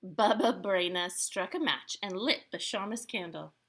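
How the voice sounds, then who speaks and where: A woman reading a picture book aloud with expression, pausing to add playful asides to her listeners. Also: medium pitch, husky. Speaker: storyteller.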